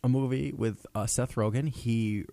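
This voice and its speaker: A young man co-hosting a casual, rambling talk show, playful and quick to laugh. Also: mid-range voice, fairly even intonation, gravelly, dark tone, no room sound. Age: young adult. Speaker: co-host. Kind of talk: casual chat.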